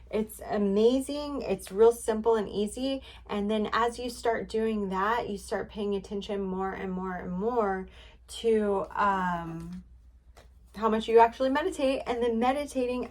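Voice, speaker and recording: Chatty woman giving a spiritual reading. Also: medium pitch. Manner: chatty, rambling, many fillers; encouraging, repetitive. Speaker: spiritual card reader.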